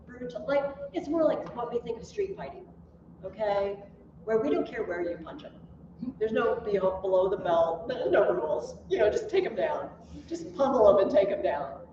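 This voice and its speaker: Animated woman teaching in an echoey room. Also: a little high, highs cut off, noisy background. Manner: animated storytelling, laughs at her own tales. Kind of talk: classroom lecture. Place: classroom. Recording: echoey classroom from a distant mic.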